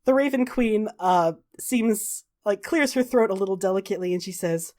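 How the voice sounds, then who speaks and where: A woman narrating a tabletop game as game master, swearing casually and slowing down for drama. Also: mid-range voice, mellow. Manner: laughs while narrating, drawn-out dramatic pacing.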